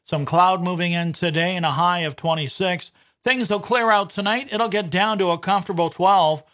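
A man's voice: high-pitched, steady tone, moderate pace, pushed and bright. A man giving the radio weather forecast in an easygoing way. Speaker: weather presenter.

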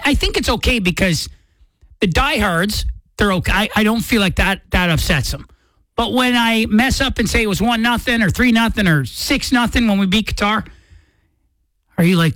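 A man's voice: extremely high pitch, lively intonation, normal speed, a bit bright, no echo. A man hosting a morning radio show, chatting casually and correcting himself as he goes. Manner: rambling, self-correcting, chatty. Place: radio studio. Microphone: studio microphone.

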